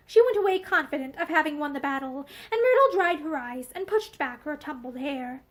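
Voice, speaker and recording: A woman's voice: high voice, animated, normal speed, hardly any pauses. A woman reading a novel aloud, telling the story expressively while seated indoors facing the camera. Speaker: audiobook reader.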